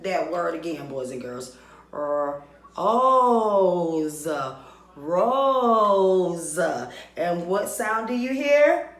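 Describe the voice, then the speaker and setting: A woman teacher giving a recorded reading lesson to young children, drawing out vowel sounds and asking the class questions. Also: lowish voice. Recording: echoey room.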